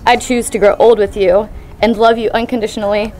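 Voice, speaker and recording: A young woman in her twenties, a bride, speaking her wedding vows in a soft, sincere way. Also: medium pitch, flat delivery, brisk, slight background noise. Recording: with faint music over it.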